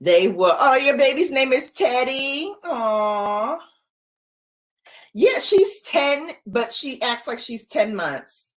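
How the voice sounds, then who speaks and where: A woman's voice: sits high, lively intonation, takes it slowly, a bit bright. Laughing, chatty woman hosting a livestream. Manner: chatty, laughs often, playful. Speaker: livestream host. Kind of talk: casual chat with live viewers. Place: home.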